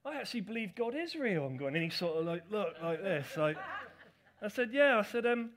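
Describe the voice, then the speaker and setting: Chatty high-voiced pastor. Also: male voice, big pitch swings, fairly quick, fairly bright tone. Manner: chatty, self-deprecating storytelling with audience asides. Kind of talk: sermon with personal story.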